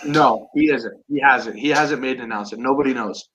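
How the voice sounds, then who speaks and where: A young man hosting a casual sports chat with friends, eager and quick to restart his sentences. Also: mid-range voice, a bit bright, muffled recording, a little hiss or hum. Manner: enthusiastic, restarts often. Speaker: sports podcast host. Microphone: online call.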